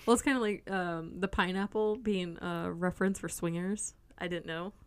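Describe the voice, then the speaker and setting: A young woman co-hosting a podcast, chatting casually, self-deprecating and quick to laugh. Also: fairly low pitch, fairly even intonation, clean tone, dry recording. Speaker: podcast co-host. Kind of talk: casual chat.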